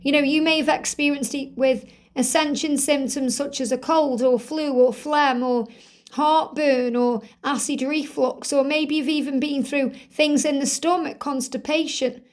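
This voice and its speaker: High-voiced woman giving a tarot reading. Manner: earnest, reassuring, channels messages in first person. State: croaky throat. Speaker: tarot reader. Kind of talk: spiritual card reading.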